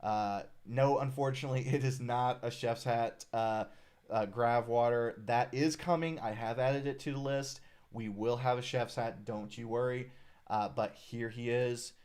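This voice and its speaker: A man with a medium-pitched, clean voice talks a little slowly while hosting a casual live stream. He's the designer of a character art project, and he chats loosely and relaxed, friendly, with many "uh"s, reading viewer comments aloud.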